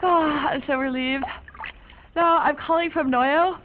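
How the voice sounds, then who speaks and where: A woman plays a chatty, offbeat young woman on a phone call, her high voice spilling out odd, fancy slang. The sound is narrow and phone-like, with a faint hiss behind it. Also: fairly even intonation, measured pace. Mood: breezy. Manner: rambling, quirky, odd ornate slang. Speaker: young woman calling a friend. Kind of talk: one-sided phone call monologue in an audio drama.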